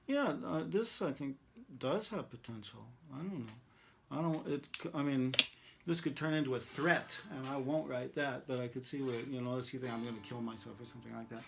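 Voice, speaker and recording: A man's voice: medium pitch, a little fast, vocal fry. A man teaching songwriting, thinking aloud as he tries out rhymes and sung lines over a guitar. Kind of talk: songwriting demonstration, talking and singing.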